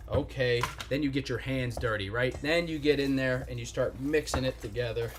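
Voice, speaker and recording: With a mid-range voice and a brisk delivery, a man from the Pittsburgh region chats to viewers during his laid-back live cooking stream at home, dropping casual swears. The background is noisy.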